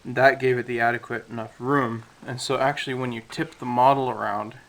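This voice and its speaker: This is a man with a mid-range voice, chatting loosely about his model kit. His talk is relaxed and full of fillers, and he sounds a bit winded. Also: medium pitch, brisk, gravelly, rough recording. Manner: relaxed, rambling, with many fillers. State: out of breath. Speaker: scale model hobbyist. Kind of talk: casual build commentary.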